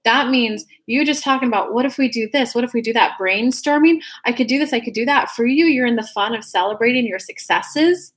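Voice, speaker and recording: A woman's voice: on the high side, brisk, few pauses. A woman giving a casual tarot reading to her viewers, chatty and rambling, often restarting her sentences. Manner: talks straight to viewers as "guys". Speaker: tarot reader.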